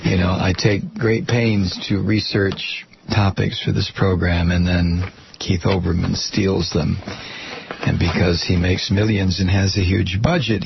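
A man's voice: sits low, vocal fry, highs cut off, slight background noise. A man hosting his own program, delivering a blunt, sarcastic, rambling political commentary monologue.

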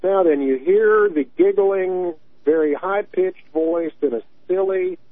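Calling a radio program from Tennessee, this caller in his early sixties talks with earnest conviction and keeps circling back to the same words. He has a high voice and a measured pace. The phone line sounds tinny and dry, with no echo.

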